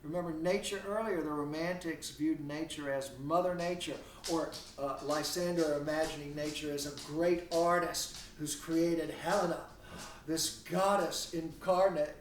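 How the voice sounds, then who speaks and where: A literature instructor teaches an online class from home, his voice on the high side with fairly even intonation and a slightly slow pace. He's conversational and digressive, stressing key words heavily, and the roomy recording comes from a distant mic with slight background noise.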